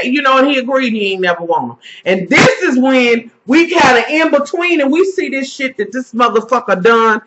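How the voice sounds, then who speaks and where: A woman's voice: on the high side, a bit bright. A woman vlogger giving a casual, heavily profane, indignant episode recap, talking to her viewers as "y'all.". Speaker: vlogger reviewing a TV series. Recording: dull lo-fi recording.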